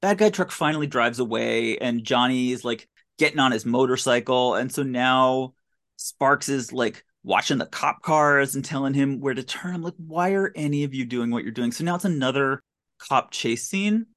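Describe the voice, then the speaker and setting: Podcast host, casual movie recap, sarcastic, incredulous, mid-pitched voice. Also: normal speed, a bit bright. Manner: incredulous, sarcastic running commentary.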